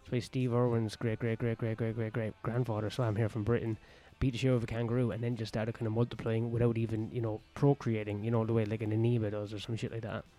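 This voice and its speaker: Male comic, low and mellow, foul-mouthed and joking, casual outdoor vlog with faint music behind. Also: flat delivery, quick pace, few pauses. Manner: crude, profane, joking. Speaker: stand-up comedian. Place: outdoor back patio.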